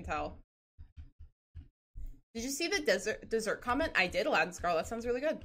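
Bubbly high-voiced woman streamer. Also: expressive, a little fast, pauses often, sharp tone. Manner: bubbly, chatty, reads chat aloud, laughs often. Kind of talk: casual livestream chat.

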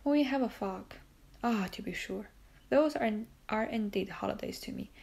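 A woman's voice: a little high, normal speed, creaky, a little mellow. A woman reading a humble old telegraph keeper. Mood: earnest. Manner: earnest, plain-spoken. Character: older male telegraph keeper, humble, earnest. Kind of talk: audiobook character reading.

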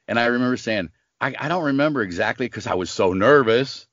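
A man's voice: mid-range voice, a little fast, dry recording, lo-fi sound. An older man, a voice actor and smoker, telling stories in an interview and acting out the people in them. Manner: animated storyteller acting out quoted voices. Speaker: voice actor guest. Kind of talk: casual storytelling interview.

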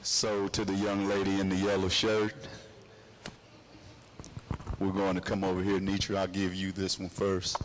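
A man officiating at a funeral, making slow, measured announcements. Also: low-pitched, completely flat delivery, a little hiss or hum.

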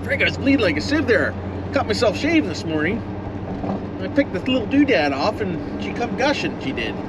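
A middle-aged man with a somewhat high voice chats in a folksy, rambling way while he drives. He talks to the camera and to animals he passes. Engine and road noise fill the cab. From Ontario, Canada. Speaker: vlogger. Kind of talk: casual driving commentary. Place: inside a moving old pickup truck. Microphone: camera mounted in the truck cab.

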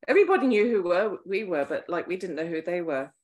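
A woman's voice: lowish voice, big pitch swings, quick pace, darkish tone. A woman with an English accent in a casual conversation, speaking thoughtfully and feeling for her words.

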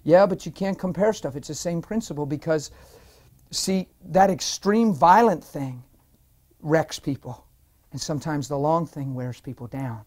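Male preacher, emphatic and excitable, sharing a testimony in an interview. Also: on the high side, a little slow.

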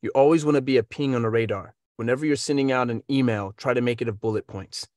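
Energetic coach from the US, mid-pitched man, dry close recording, tosses in playful sound effects. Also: quick pace, dry recording. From United States. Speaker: voiceover coach. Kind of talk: casual advice.

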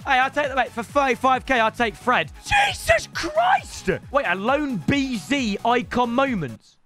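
A young man commentating on his own gameplay, excitable and prone to shouting outbursts, addressing viewers as lads. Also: very high-pitched, moderate pace, over music. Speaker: gaming YouTuber.

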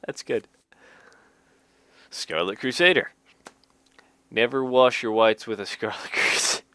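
A man's voice: medium pitch, sing-song, slow, pauses often, sharp tone, no room sound. A man casually reading game card text aloud, cracking jokes, laughing at them, and adding dry asides. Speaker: gaming YouTuber reading card flavor text.

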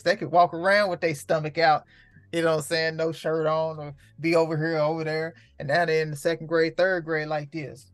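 A man with a fairly high voice hosts his own show, recorded with no echo. His monologue is casual and profane, packed with street slang, and he preaches, repeating lines for emphasis.

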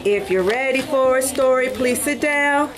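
A woman's voice: high-pitched, moderate pace, a crowd in the background. A woman reading a picture book aloud at a library storytime, coaxing the children to join in. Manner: sing-song, animated, coaxing kids to join in. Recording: echoey room.

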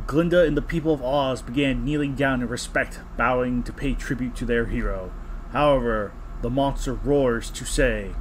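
A man's voice: mid-range voice, moderate pace, slight background noise. A man hosting a comedy podcast, reading fan fiction aloud and breaking off with mocking asides.

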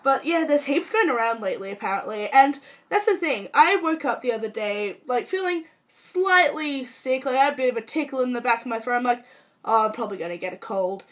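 Sick, hoarse young woman vlogging. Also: sits high, lively intonation, fairly quick, few pauses, a bit bright. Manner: chatty, self-mocking, dramatic. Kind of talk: casual chat to camera.

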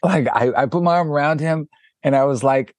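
A man's voice: a little high, fairly quick, no echo. A man, a documentary director, telling a story as an interview guest and acting out the lines of the people in it. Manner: animated, acts out quoted dialogue, frequent restarts.

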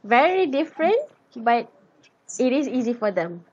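Woman, young adult, Malay speaker, student class presentation, fairly high voice, hesitant with ums, muffled lo-fi sound. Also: very animated, moderate pace, husky. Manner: hesitant, many ums and restarts. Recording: dull lo-fi recording.

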